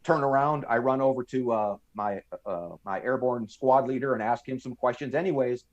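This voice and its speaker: A middle-pitched American man in his fifties, telling an old story on a podcast in relaxed, casual talk. He jumps into the voices of the people he quotes and then drops back into his own plain speaking voice. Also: moderate pace, muffled recording. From United States. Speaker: podcast guest. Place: podcast studio.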